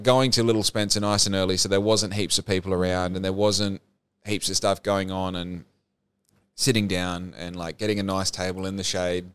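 Young man, podcast host, low-pitched, smooth and rambling, animated storyteller, close dry mic. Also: no room sound. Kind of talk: casual chat.

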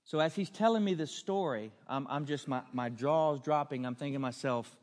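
A man's voice: a little high, normal speed, a little mellow. A man preaching a storytelling sermon, earnest and building to emphatic questions. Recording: long hall reverb.

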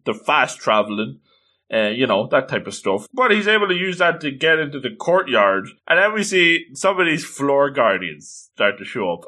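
Man, manga commentator, lively animated pitch, bright tone, jokey asides. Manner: animated, joking, chuckling asides. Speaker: manga reviewer. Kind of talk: casual manga read-through commentary.

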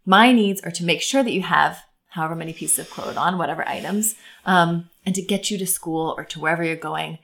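A woman's voice: fairly low pitch, fairly quick, gravelly, a bit bright. A woman co-hosting a casual parenting talk, earnest and thinking aloud with fillers. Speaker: podcast co-host.

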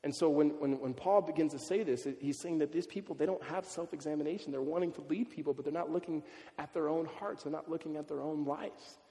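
Conversational preacher in a reverberant hall. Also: male voice, fairly high pitch, fast, mellow. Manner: conversational, often asks "right?" and repeats words. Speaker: pastor. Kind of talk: sermon.

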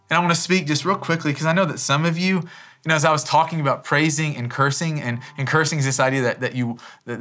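Earnest man preaching over soft music. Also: fairly high pitch. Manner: earnest, conversational, fillers like "man" and "you know". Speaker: pastor. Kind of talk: sermon and closing prayer. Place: church service.

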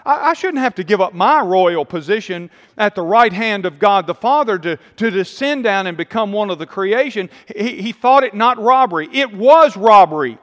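A man's voice: high-pitched, lively intonation, normal speed, few pauses, a bit bright, long reverb tail. A man preaching a sermon with emphatic, rising and falling delivery and repeated phrases.

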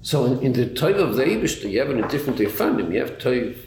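A man's voice: medium pitch, very animated, quick pace, darkish tone. A man teaching a Chassidus class, asking rhetorical questions and repeating words as he thinks it through. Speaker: Torah teacher. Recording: echoey room with faint noise.

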